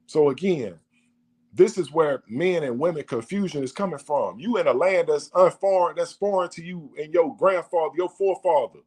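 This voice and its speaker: A man's voice: on the high side, normal speed, darkish tone, husky. A man delivering a preachy monologue, full of rhetorical questions and repetition. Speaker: vlogger.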